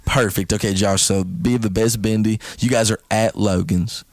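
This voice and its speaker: A man's voice: fairly low pitch, fairly even intonation, moderate pace, no echo. A young man hosting a casual comedy podcast, joking and laughing often. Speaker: podcast host.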